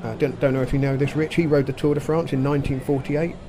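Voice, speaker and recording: A man's voice: medium pitch, level tone, fast. A man co-hosting a podcast, talking in a casual, chatty way full of asides and fillers. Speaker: podcast co-host. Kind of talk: casual chat. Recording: recording with clear background noise.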